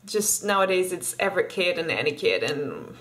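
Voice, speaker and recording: A woman's voice: lowish voice, big pitch swings, moderate pace, a bit bright, low-quality recording. A woman from Spain in a casual vlog, chatting and eating as she tries candy, often restarting her words. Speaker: vlogger.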